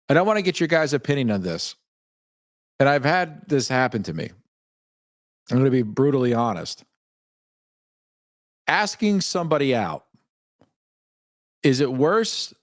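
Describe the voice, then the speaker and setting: On a casual live stream, a male host with a medium-pitched voice chats candidly, reading viewers' comments and greeting them by name. He laughs often and leans on plenty of fillers. The sound is dry and clean, like a studio.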